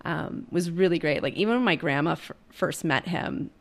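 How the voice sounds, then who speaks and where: A woman's voice: low voice, animated, normal speed. A woman in her thirties talking openly and earnestly about her family in a candid conversation. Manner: earnest, open, emotional, many ums.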